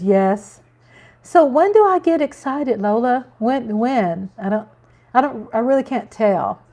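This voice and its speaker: A woman hosting a live stream, chatting casually to her viewers in an excitable, rambling way with many restarts. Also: medium pitch.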